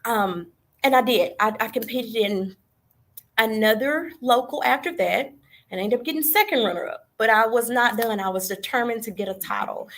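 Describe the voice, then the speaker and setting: A woman's voice: fairly high pitch, moderate pace, a bit bright. Polite Texas woman telling her pageant story. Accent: Texas Southern. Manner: earnest, polite, says yes ma'am. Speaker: pageant contestant guest. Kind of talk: storytelling interview answers. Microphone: video call.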